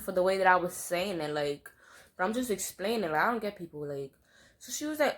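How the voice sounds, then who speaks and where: A woman's voice: medium pitch, animated, moderate pace. Blunt, profane young woman telling a story. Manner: rambling, with many fillers. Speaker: storytime vlogger. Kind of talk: casual storytime monologue.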